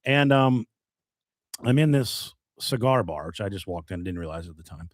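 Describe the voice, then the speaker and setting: A man's voice: on the low side, moderate pace, dry recording. A man telling a long story in casual podcast chat, swearing freely and laughing as he goes. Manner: lively, animated, swears freely, laughs often.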